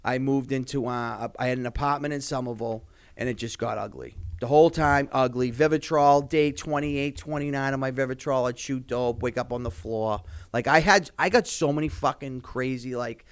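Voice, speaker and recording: A man's voice: medium pitch, fairly quick, few pauses, smooth. A young man, a podcast guest in casual talk, rambling with many fillers and heavy swearing.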